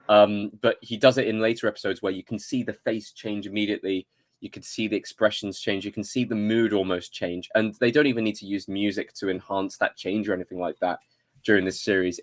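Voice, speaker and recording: English male co-host, fairly low voice, animated and emphatic in casual chat. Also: dry recording, clean studio sound. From England. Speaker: film discussion co-host.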